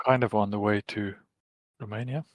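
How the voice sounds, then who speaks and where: A man playing a tabletop game over voice chat, soft-spoken and hesitant. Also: on the low side, steady tone, normal speed, no echo. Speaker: player.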